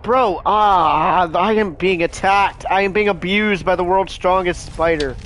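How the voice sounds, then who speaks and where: A young man from the United States commenting on a video game he is playing, excitable and prone to shouting and laughing. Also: high voice, measured pace, slight background noise. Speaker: gaming streamer. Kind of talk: let's play commentary.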